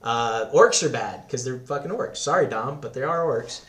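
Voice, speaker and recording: A man rambles through a casual podcast chat, cursing freely and laughing often. He sits at an ordinary pitch, and his voice rings out in a roomy, echoing space. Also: expressive, moderate pace, a bit bright. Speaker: podcast guest. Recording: roomy echo.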